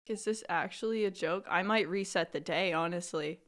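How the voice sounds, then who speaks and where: Brief: young female gamer, bright tone, dramatic excitable commentary with loud outbursts, desk mic. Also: lowish voice, unhurried. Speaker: gaming YouTuber. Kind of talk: casual let's-play commentary.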